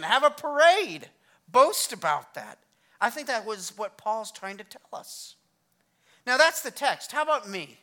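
A man preaching a sermon with a bright, forward tone. He keeps it conversational and energetic, slipping in self-deprecating humor as he teaches. He sounds middle-aged. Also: high-pitched. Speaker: pastor.

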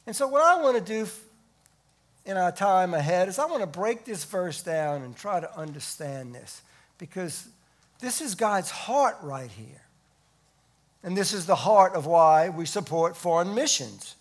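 A man preaching a sermon, stressing key words loudly and dropping to hushed asides. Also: high-pitched, animated, a little slow. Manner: emphatic, swinging between loud stresses and hushed asides. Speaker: pastor.

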